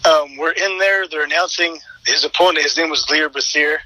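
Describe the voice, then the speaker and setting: A man, a pastor and former fighter, telling an animated story in casual chat. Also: on the high side, normal speed, low-quality recording. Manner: animated storyteller, acts out quotes.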